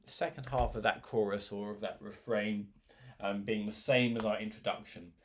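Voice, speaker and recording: A man leading a choir rehearsal, gently giving instructions, counting in and singing short lines for the singers to repeat. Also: fairly low pitch, steady tone, normal speed, a little hiss or hum. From England. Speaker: choir leader. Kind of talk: online choir rehearsal, call and response.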